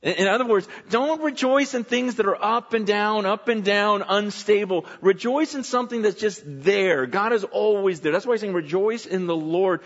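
A man with a high voice preaches to his congregation in a relaxed, conversational way, breaking into little acted-out voices as he speaks. The sound is a bit dull and muffled, with a long reverb trailing off the room. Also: moderate pace, hardly any pauses. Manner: conversational, animated, acts out quoted voices. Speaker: pastor. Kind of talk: sermon. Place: church sanctuary.

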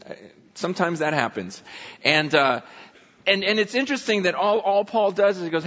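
A man with a high voice preaches to his congregation in a relaxed, conversational way, breaking into little acted-out voices as he speaks. The sound is a bit dull and muffled, with a long reverb trailing off the room. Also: normal speed. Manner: conversational, animated, acts out quoted voices. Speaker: pastor. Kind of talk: sermon. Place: church sanctuary.

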